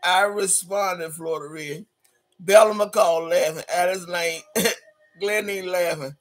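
A man hosting a casual live stream, reading viewer comments aloud with loud, laughing, sassy banter. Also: sits high, steady tone, slow.

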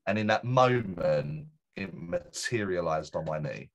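A man's voice: low-pitched, very animated, unhurried, gravelly. A middle-aged man, a guest medium, telling a personal story in a rambling way, full of fillers and restarts. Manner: rambling, self-correcting, many fillers. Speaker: guest, spiritual medium and teacher. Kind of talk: casual storytelling in an interview.

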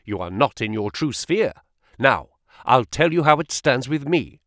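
Brisk, sharp-tongued, flattering money man with a lively, swooping delivery, as a male reader puts him on for an audiobook. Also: medium pitch, no room sound, clean studio sound. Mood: persuasive. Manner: quick, sharp, flattering and excitable. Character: brisk, smooth-talking male financial agent. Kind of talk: audiobook character voice.

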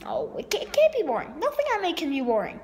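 A woman's voice: very high-pitched, huge pitch swings, fast, background noise. A woman vlogger rambling unscripted to the camera, jumpy, playful and self-mocking. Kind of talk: unscripted vlog chat.

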